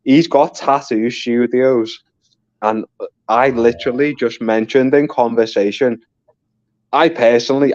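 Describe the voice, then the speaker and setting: A man's voice: medium pitch, darkish tone, no room sound. A man chatting casually and swearing on a live stream, laughing often as he tells stories. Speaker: guest on a live stream chat. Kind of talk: casual chat. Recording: dull lo-fi audio.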